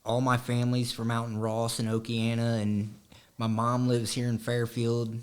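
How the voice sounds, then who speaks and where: A man from southwest Ohio with a slight country drawl chats easily as a guest on a casual podcast interview, using lots of fillers. His medium-pitched voice is smooth, completely flat in delivery, and at a normal speed.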